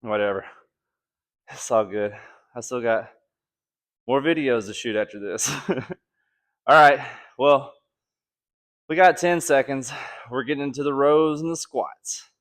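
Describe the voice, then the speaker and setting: A man's voice: mid-range voice, slow, pauses often, fairly bright tone. A young man from Alabama talking casually through a home kettlebell workout, a little out of breath, joking and counting down reps on a camera mic. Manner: laid-back, joking, counting reps between sets. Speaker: fitness vlogger. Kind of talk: casual workout follow-along chat.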